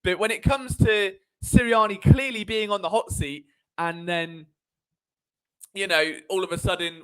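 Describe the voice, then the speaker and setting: A man hosts a live sports talk stream, and his voice sits high for a man. He talks in an animated, sarcastic way and often wanders off on tangents. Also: unhurried, smooth. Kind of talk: live sports commentary chat.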